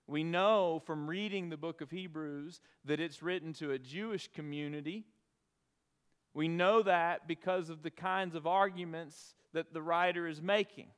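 Pastor, male, smooth clear voice, earnest storytelling sermon with pauses, big reverberant room. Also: a little high, fairly bright tone. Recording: long reverb of a large hall.

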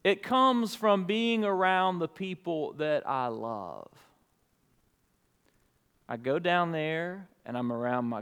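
Man, pastor, sermon, earnest and conversational, from alabama, slightly high pitch, smooth tone. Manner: earnest, conversational preaching, hushed in prayer.

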